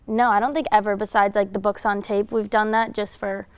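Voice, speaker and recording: A woman's voice: medium pitch, little pitch movement, smooth, no room sound. Young woman voice actor, dry sound. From Syracuse, New York. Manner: friendly, chatty, quick to laugh. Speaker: guest voice actor. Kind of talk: casual interview chat. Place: college radio studio.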